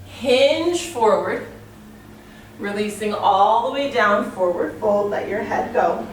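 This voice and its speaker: Counting reps and cueing movements, a woman leads a yoga workout while she exercises and runs out of breath. She takes it slowly, with an animated, medium-pitched voice. Her voice comes from a distance in a very echoey room, with slight background noise.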